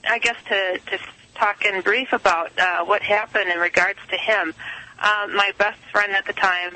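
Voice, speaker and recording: A woman's voice: lowish voice, bright, forceful tone, low-quality recording. A woman guest telling a story in a casual interview, rambling with many fillers and quoted asides.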